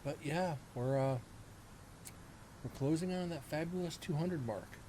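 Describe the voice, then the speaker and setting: A man's voice: fairly high pitch, unhurried. A man in his forties hosting a live-streamed paranormal show, chatting casually and rambling with self-mocking asides to his viewers. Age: 40s. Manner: rambling, self-mocking, talks to chat directly. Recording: steady background noise.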